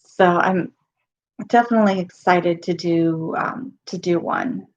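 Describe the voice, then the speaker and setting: Middle-aged woman hosting a casual live stream, hoarse from losing her voice, halting delivery, dull lo-fi sound. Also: on the low side. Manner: halting, with many pauses and ums.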